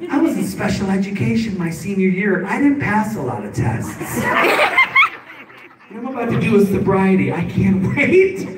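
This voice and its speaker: A man doing stand-up, telling a story in an animated way and laughing through his own lines at a live venue. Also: high voice, normal speed, heavy background noise. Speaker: stand-up comedian. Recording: echoey room, distant mic, loud clicks.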